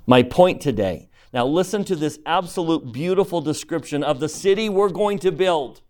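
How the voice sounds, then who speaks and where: A man's voice: fairly high pitch, expressive, normal speed, darkish tone. Man teaching scripture emphatically. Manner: emphatic, asks the class questions. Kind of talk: classroom scripture lesson.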